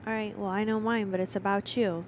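A young woman co-hosting a relaxed couple's podcast. She talks candidly and teases her partner, laughing often as she goes. Her pitch is ordinary, and there is a faint hiss under the recording. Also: a little fast. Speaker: podcast co-host. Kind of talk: casual couple's podcast chat.

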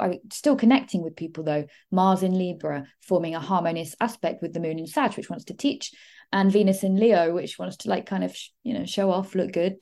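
A woman hosting an astrology podcast, talking fast in a rambling, digressive way with frequent asides. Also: on the low side, mellow. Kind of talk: casual solo podcast monologue.

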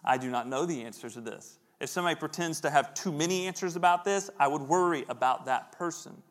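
A middle-aged man preaching a sermon in a relaxed, conversational way, now and then acting out the voices of people in the story. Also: a little high, fast. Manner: conversational, acts out voices in quotes. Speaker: pastor.

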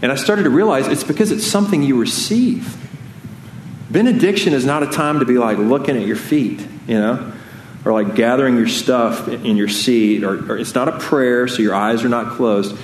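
A man's voice: medium pitch, moderate pace. A man preaching a sermon as pastor, earnest and conversational, often restarting his sentences. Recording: echoey room with faint noise.

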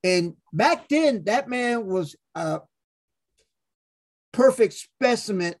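A man's voice: high voice, takes it slowly. A man hosting a podcast, telling stories casually with lots of profanity and acted-out quotes. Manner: profane, animated storyteller acting out quotes. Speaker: podcast host. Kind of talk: casual storytelling.

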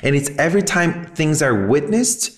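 A man's voice: fairly high pitch, sing-song, normal speed. A man speaking as a podcast guest in an earnest, reflective way, emotional and close to tears. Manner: reflective, earnest, spiritual wording. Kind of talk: heartfelt conversation.

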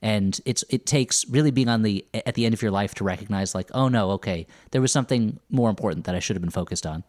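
A man's voice: fairly low pitch, quick pace, a little mellow, no room sound, clean studio sound. Man musing in casual podcast chat. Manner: thoughtful, restarts sentences while searching for words. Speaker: podcast co-host. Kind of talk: casual chat about a TV series.

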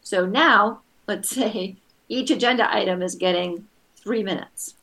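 Woman parenting coach, patient and explanatory, mid pitch. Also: measured pace, a bit bright. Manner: patient, acts out kids' voices in quotes. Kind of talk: advice session.

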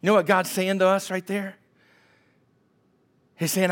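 High-voiced, unhurried preaching man. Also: flat delivery. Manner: emphatic preaching with call-and-response to the congregation. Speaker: pastor. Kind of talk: sermon.

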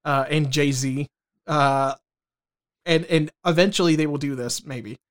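A man's voice: a little high, fairly even intonation, a little slow, smooth. Loose, swearing male podcast co-host. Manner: loose, swears casually, reads news items aloud. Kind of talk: casual podcast banter.

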